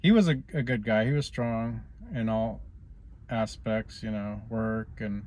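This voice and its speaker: A man's voice: lowish voice, fairly even intonation, a little slow, a little mellow. A man vlogging in a rambling, casual way, stopping often on "you know" as he drifts from politics to personal life.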